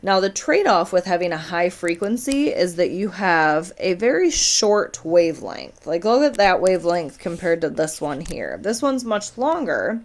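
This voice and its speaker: Lively-voiced woman teaching science. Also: lowish voice. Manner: casual, addresses students directly with questions. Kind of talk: recorded classroom lesson.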